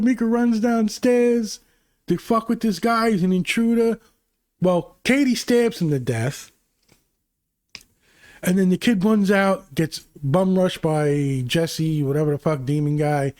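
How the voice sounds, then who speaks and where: A man hosting his own channel, recapping movies in a casual, rambling, profane way that grows excitable. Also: a little high, no echo, studio quality. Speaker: channel host.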